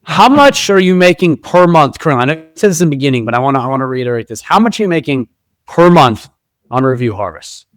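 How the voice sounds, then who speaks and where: A man's voice: fairly high pitch, big pitch swings, quick pace, no room sound, studio quality. A man hosting a livestream interview, upbeat and speaking straight to the live chat. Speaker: host.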